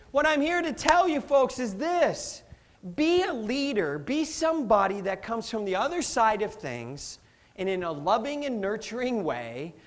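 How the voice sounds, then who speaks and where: High-voiced, energetic motivational speaker man. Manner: energetic, playful, asks the audience questions and laughs often. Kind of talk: live motivational talk to an audience.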